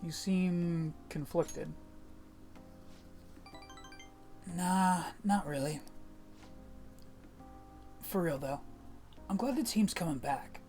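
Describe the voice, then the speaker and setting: A brash teenage ex-athlete with a blunt, slangy way of talking and a temper that flares at authority, as a streamer voices him in a fan reading of a game. The voice sits at an ordinary middle pitch, pushed a little lower. Faint game music plays underneath. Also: slow pace, pauses often, darkish tone. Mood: grumbling. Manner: blunt slangy talk, mild cursing. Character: brash teenage boy, hot-headed ex-athlete.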